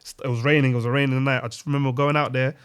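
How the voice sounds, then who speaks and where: Talking rapid-fire in a clean, medium-pitched voice, this young podcast co-host recounts something that happened to him. It's casual, slang-heavy London chat, lively and full of quotes he performs.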